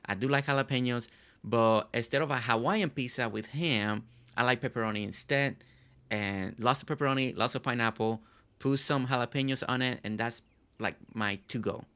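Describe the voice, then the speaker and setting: A man's voice: medium pitch, moderate pace, pushed and bright, clean tone. A man from Puerto Rico hosting a casual game stream, chatting in a rambling way with lots of fillers. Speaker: streamer host.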